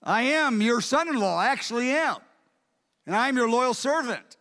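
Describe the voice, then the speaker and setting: A preacher acting out an earnest young David pleading his case, high-pitched and rising, sung out into a long hall echo. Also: lively intonation, normal speed, sharp tone, heavily acted. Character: young male king-to-be pleading his loyalty.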